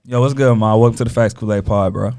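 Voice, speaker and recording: A man's voice: fairly low pitch, steady tone, quick pace, dark tone. A young man hosting a call-in podcast, talking in a laid-back, slangy, teasing way. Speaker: podcast host. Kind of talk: casual call-in chat.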